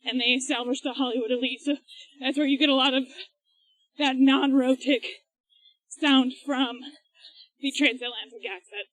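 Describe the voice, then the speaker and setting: Woman podcast co-host, high voice, dry close sound, chatty explainer recorded on a run. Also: steady tone, normal speed, pauses often, no echo, rough recording. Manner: chatty, explains at length with laughs. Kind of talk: casual chat while running. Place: outdoors, on a run.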